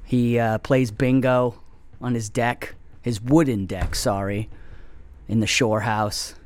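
A man's voice: fairly even intonation, slow, a little mellow. Rambling comic host, a man. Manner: rambling and self-mocking, with whispered asides and pitch jumps. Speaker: comedy show host taking calls. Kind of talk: rambling comedic monologue.

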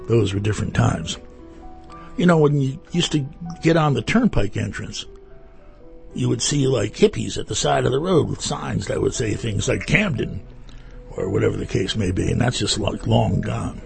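A man's voice: on the low side, moderate pace, vocal fry, soft background music. A man hosting a radio show, chatting casually and telling wry, rambling stories into a studio microphone. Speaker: radio host. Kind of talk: casual chat.

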